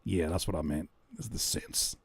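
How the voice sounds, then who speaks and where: A man hosting a casual livestream, reacting to music and joking with chat in an animated way. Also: low-pitched, normal speed. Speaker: livestream host giving music feedback.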